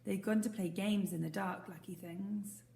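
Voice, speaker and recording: A woman's voice: medium pitch, steady tone, normal speed, gravelly, dark tone, lightly acted. A woman voicing a cheerful, confident young Boy Scout who talks in a breezy, teasing way. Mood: enthusiastic. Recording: roomy echo.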